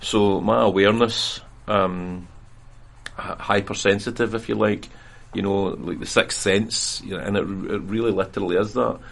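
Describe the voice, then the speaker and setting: A man's voice: fairly low pitch, fairly even intonation, moderate pace, vocal fry, fairly bright tone. A Scottish man, the interviewee, talking earnestly and at length in a candid interview, laughing at himself now and then. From Scotland. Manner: earnest, rambling, self-deprecating with laughter. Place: prison room.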